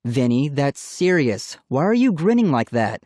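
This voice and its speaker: A man voicing a patient middle-aged mother who scolds the children gently but firmly, in an audiobook reading. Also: medium pitch, very animated, a little slow, no echo, clean studio sound. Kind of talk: audiobook character voice.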